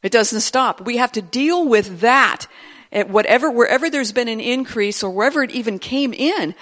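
A woman's voice: on the high side, animated, normal speed, fairly bright tone. A woman preacher giving a conversational sermon, acting out inner voices and repeating phrases for emphasis. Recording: long hall reverb.

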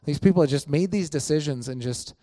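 A man talks through stories he loves in a loose, conversational way, full of "you know" and restarts. He slips into quoted lines with a lifted, excited voice, then drops back down. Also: fairly quick. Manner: animated storytelling, acts out quoted lines with rising pitch; many fillers like "you know". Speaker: church member sharing reflections. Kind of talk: casual faith talk.

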